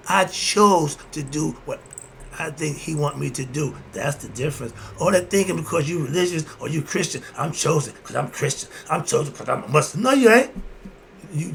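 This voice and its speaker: A man's voice: on the high side, creaky, fairly bright tone, slight background noise. A man giving a casual philosophical monologue, preachy and informal, asking questions and answering them himself and chuckling often. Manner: repeats "moving on" between points. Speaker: host.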